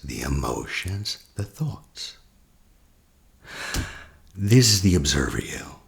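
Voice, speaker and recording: Deep-voiced guy leading a meditation, laid back, lots of asides, goes quiet and breathy, voice swings up and down. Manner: casual, many asides, drops to a breathy near-whisper. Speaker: therapist guiding a meditation. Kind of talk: guided meditation demonstration.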